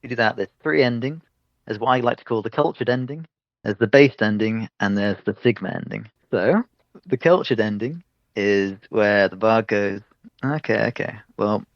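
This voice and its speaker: A man co-hosting a casual podcast, retelling a game's story with lively acted-out character lines and frequent laughter. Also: lowish voice, normal speed, no echo, lo-fi sound. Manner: animated storytelling, acts out characters, laughs often. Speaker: podcast co-host reviewing a game. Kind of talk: casual chat.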